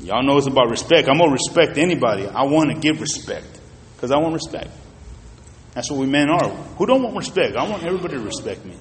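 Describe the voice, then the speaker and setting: A man preaching a sermon, telling a personal story in an animated way and talking straight to the congregation. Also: mid-range voice, fast talker. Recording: reverberant hall.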